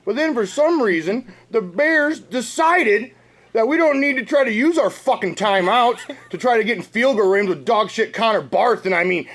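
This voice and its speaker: A man with a fairly high voice co-hosts a fantasy football chat. He rants in a sweary, exasperated way and talks straight at the team as if it could hear him. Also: expressive, normal speed, fairly bright tone. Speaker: fantasy football podcast co-host. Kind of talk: profane comedic rant and sports chat.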